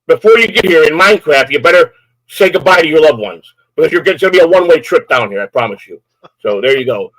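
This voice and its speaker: A man's voice: on the high side, sing-song, fast, fairly bright tone, no room sound, rough recording. An older man, host of a live stream, ranting angrily and issuing profane, repetitive threats. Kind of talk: angry live-stream rant.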